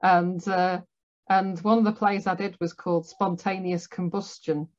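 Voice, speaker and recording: A woman's voice: fairly low pitch, level tone, unhurried, highs cut off. Chatty Northern English woman host. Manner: chatty, laughs often, many restarts. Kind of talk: casual interview chat.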